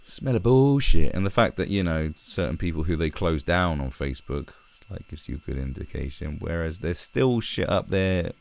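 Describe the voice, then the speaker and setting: A man's voice: sits low, vocal fry. A man delivering a sweary, sarcastic ranting commentary, with mocking put-on voices. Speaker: commentary vlogger.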